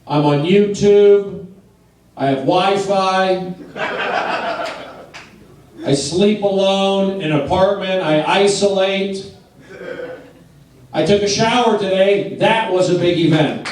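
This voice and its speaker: Speaking slowly with frequent pauses, this man has a high, slightly mellow voice as he performs stand-up in a club. His humor is blunt and self-mocking, built from short repeated lines, while the crowd laughs in a noisy, far-off, echoing recording.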